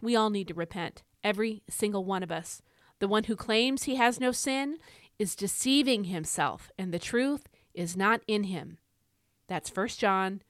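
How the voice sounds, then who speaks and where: A middle-aged woman hosting a faith podcast, delivering an emphatic, preacherly exhortation that swells into shouts. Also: medium pitch, no echo, studio quality. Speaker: podcast host. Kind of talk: fiery devotional exhortation.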